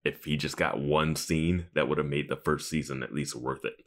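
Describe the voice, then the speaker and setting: Super deep voiced guy rambling on a podcast, restarts a lot. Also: fairly even intonation, moderate pace. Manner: rambling, trails off and restarts, laughs between points. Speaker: podcast co-host. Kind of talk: casual chat.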